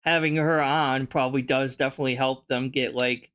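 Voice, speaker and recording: A man's voice: medium pitch, fairly even intonation, a little fast, a bit bright, smooth. A man chatting casually as a podcast guest, rambling, with constant "like" fillers. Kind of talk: casual chat.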